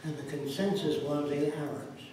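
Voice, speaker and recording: A man's voice: a little high, moderate pace, darkish tone, a little hiss or hum. A man telling plainspoken, punchy anecdotes in answer to a question, acting out the people he quotes. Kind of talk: anecdotal storytelling. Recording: echoey room, far from mic.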